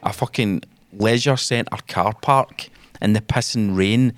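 A man's voice: lowish voice, takes it slowly, a little hiss or hum. A Scottish man co-hosting a podcast, telling stories wryly and dramatically in casual sweary chat. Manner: wry, sardonic, dramatic storytelling. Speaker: podcast co-host.

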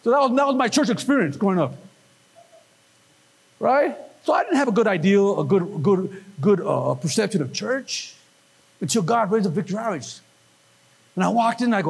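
Husky, high-voiced preaching man. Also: moderate pace, long pauses. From Northern California. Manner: animated, acts out voices and quotes. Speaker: pastor. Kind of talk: sermon.

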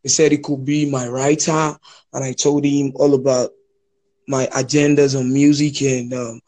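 A young man from Nigeria with a Nigerian accent, chatting casually on a podcast, often pausing and restarting his sentences. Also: medium pitch, flat delivery, a little mellow. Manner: hesitant, many restarts and fillers. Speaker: podcast guest. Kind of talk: casual chat.

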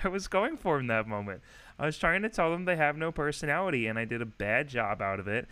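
Bright, smooth-voiced young man joking. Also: medium pitch. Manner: joking, animated, laughs often. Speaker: podcast co-host. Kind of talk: casual comedic podcast chat.

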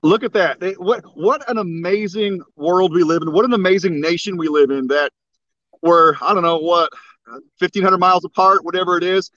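A man with a slight Southern drawl and a rather high voice, easygoing and joking as he chats in from out on a boat. His audio is dry and dull, like a low-fidelity remote link. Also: fairly bright tone, dry recording. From West Texas. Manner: easygoing, joking, drawn-out talk. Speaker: call-in guest. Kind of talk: casual chat. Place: outdoors on a boat.

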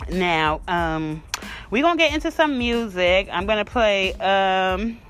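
A woman's voice: mid-range voice, slow pace, faint music behind. Blunt, profane woman giving gossip commentary. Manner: blunt, animated, swearing freely. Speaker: commentary host.

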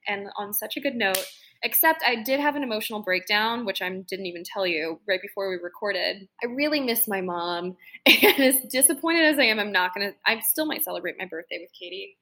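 A woman's voice: medium pitch, animated, normal speed, pushed and bright. A woman in her late twenties, co-hosting a podcast and telling rambling, emotional stories in casual chat. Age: late 20s. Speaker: podcast co-host.

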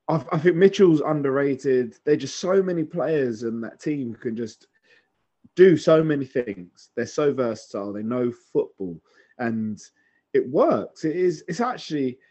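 A man chatting casually about football as a podcast co-host, enthusiastic and halting, full of restarts. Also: mid-range voice, a little mellow, dull audio. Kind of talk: casual sports chat.

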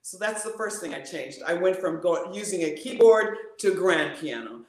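Expressive woman voice coach, wide-ranging demonstrative delivery, roomy sound. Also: moderate pace. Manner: expressive, demonstrative, big pitch swings. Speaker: voice coach guest. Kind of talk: animated interview talk.

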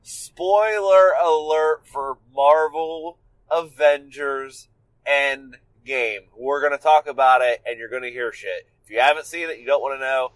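A man's voice: medium pitch, brisk, hardly any pauses, a bit bright, dry recording, low-quality recording. A podcast co-host man in casual chat, eager and hyped up.

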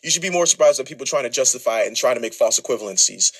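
Quick bouncy guy leaving a voice question, lively up and down. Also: mid-range voice, breathy edge. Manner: quick, playful, yells his question at the end. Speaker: caller sending a voice question. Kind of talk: recorded voice message.

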